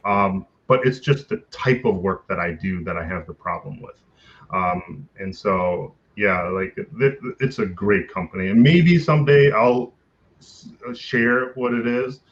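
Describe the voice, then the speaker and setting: A man's voice: lowish voice, measured pace, highs cut off. A man answering interview questions over a video call in a casual, hesitant way, with many fillers and restarts and frequent laughs. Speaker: interview guest, content creator.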